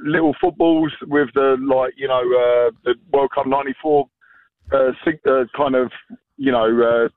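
A man's voice: mid-range voice, fairly even intonation, normal speed, dry recording. Irish man on a tinny phone line. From Ireland. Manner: rambling, many fillers. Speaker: caller. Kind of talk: phone-in anecdote.

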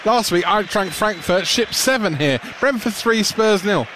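A man gives a live football match report in a fairly high voice. He reports at a measured, descriptive pace, with faint outdoor stadium noise behind him. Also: lively intonation, a bit bright.

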